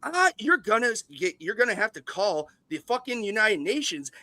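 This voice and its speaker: A man putting on a foul-mouthed male studio boss who screams threats down a phone in a loud rant. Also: high voice, sing-song, normal speed, dry recording, voice pushed up, exaggerated voice. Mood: threatening, ranting.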